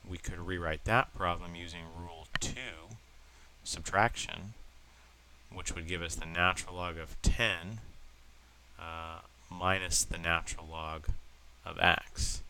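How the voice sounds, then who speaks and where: Male teacher getting over a cold, nasal and low-pitched, walks through problems step by step. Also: takes it slowly, bright, forceful tone, a little hiss or hum, rough recording. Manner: plain step-by-step explaining with fillers. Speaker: math teacher. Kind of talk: recorded lesson working through problems.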